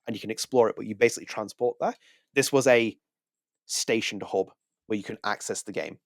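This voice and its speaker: A man's voice: lowish voice, fairly quick, creaky, dry recording, clean studio sound. A man co-hosting a podcast, giving rambling, opinionated takes in casual chat. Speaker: podcast co-host.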